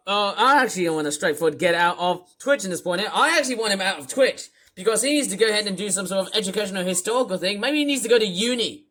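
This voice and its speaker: A man's voice: high-pitched, expressive, fast talker, few pauses, pushed and bright. A man giving rambling reaction commentary, exasperated and full of swearing. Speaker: video commentator.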